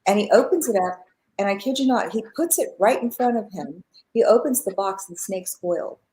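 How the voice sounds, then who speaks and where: A middle-aged woman, a spiritual teacher appearing as a guest in a live interview, shares personal stories in a medium-pitched, brisk voice. She's an animated storyteller who acts out quoted dialogue and laughs a lot. The recording is rough.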